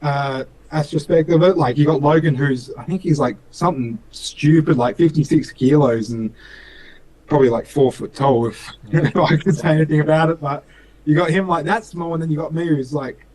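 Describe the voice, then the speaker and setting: A man's voice: on the high side, moderate pace, a little mellow, poor audio. A young Australian man, a speedcar driver, chatting in an interview with many fillers and restarts, acting out little dialogues. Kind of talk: casual interview chat.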